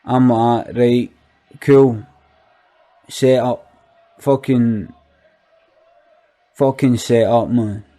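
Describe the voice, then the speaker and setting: A man's voice: medium pitch, steady tone, very slow, pauses often, warm tone. A man with a Glaswegian accent playing a skint, foul-mouthed young Glasgow man, rambling and swearing constantly in a comic rant. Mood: incredulous ranting. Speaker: comic monologue character.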